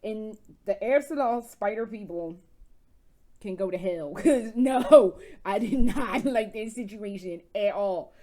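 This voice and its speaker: A woman vlogger reviewing games in casual chat, telling stories in an animated, profane way with frequent laughs. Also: medium pitch, measured pace, crowd noise. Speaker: video game vlogger.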